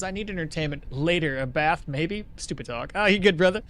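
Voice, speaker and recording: A man's voice: on the high side, expressive, fairly quick, few pauses, fairly bright tone, faint music behind. A man streaming a game live, chatting casually and answering his chat while he plays. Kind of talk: casual live gameplay commentary.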